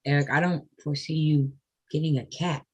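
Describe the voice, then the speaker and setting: A woman's voice: low voice, fairly even intonation, a little fast, darkish tone, husky. A woman hosting a casual live group chat, teasing and sarcastic. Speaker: host.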